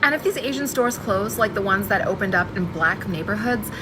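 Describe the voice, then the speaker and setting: A woman's voice: mid-range voice, animated, fairly quick, background noise. A woman giving an emphatic, frustrated vlog monologue as a social media commentator.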